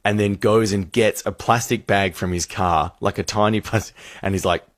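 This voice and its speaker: A man hosting radio, telling a funny story with lively voices for the people in it. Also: on the low side, moderate pace, no echo, studio quality. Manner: animated storyteller, acts out voices. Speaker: radio host.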